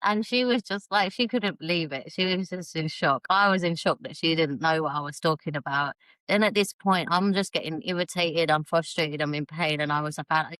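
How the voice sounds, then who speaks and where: A woman's voice: fairly low pitch, normal speed, a bit bright, no room sound, low-quality recording. A woman, a podcast guest, retelling a personal story in a chatty way and laughing often. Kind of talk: casual storytelling conversation.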